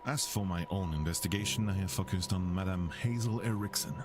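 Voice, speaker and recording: A man's voice: sits low, brisk, close to an everyday voice. An actor playing a scheming, self-assured male French investigator in a video game, speaking formally in a French accent and slipping in French phrases. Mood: confident. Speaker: game character. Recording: game audio with noisy ambience.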